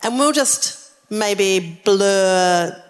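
A middle-aged woman spins a comic anecdote for a live crowd, laughing as she goes. Her voice sits at an everyday pitch. A long reverb hangs behind her, like a hall. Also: drawn-out words, clean tone. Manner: laughing, animated anecdote telling. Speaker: podcast co-host. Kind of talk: casual storytelling chat before a live audience.

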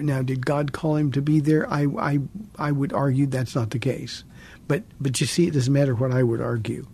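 Man in his sixties, radio pastor, gravelly, husky, dark-toned, earnest. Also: medium pitch, level tone, moderate pace. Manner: earnest, repeats words as he restarts. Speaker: radio pastor and call-in host. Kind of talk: call-in radio Bible teaching.

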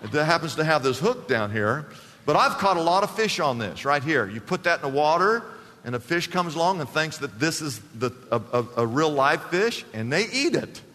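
Bright-voiced emphatic male preacher in a reverberant hall. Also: on the high side, very animated, normal speed, slight background noise. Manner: emphatic preaching, repeats phrases, asks the congregation. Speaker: pastor. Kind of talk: sermon. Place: church sanctuary. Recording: long reverb of a church hall.

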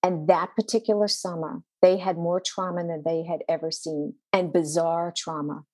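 A woman's voice: on the low side, little pitch movement, normal speed, a little mellow, no room sound. A woman pastor, a podcast guest, telling a personal faith story in an earnest, intense way with a shifting pace.

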